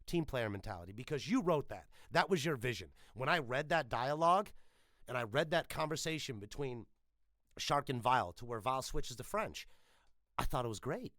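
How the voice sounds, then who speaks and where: Bright, emphatic male voice actor. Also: medium pitch, normal speed, no room sound, clean studio sound. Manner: animated, emphatic, swears freely. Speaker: voice actor guest. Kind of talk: casual interview chat.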